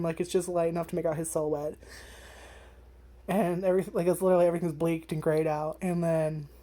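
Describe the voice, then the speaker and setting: Mellow-voiced woman rambling about anime. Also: lowish voice. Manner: rambling, swears freely, many fillers. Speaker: anime vlogger. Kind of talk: casual first-impressions chat.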